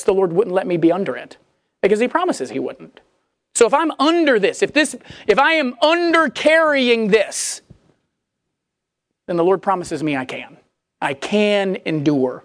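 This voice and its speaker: A woman preaching a sermon in a conversational, animated way, acting out the voices she quotes. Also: fairly low pitch, dry recording.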